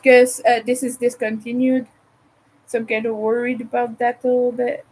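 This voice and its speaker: A Montreal woman with a Montreal English accent hosts a casual crochet livestream from home, rambling, chatting and thinking aloud as she crafts. Her voice sits a little high with a darkish tone and little pitch movement, at normal speed. The recording quality is low.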